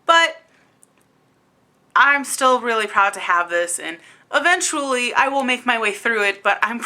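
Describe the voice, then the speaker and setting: A young woman chatting excitedly and rambling a little as she hosts a casual book video at home. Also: medium pitch. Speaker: book vlogger.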